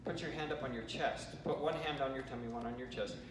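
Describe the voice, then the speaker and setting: An American man leading a choir rehearsal warm-up, giving chatty instructions with joking asides. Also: mid-range voice, fast talker. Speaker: choir vocal coach. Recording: roomy hall, from far off, noisy.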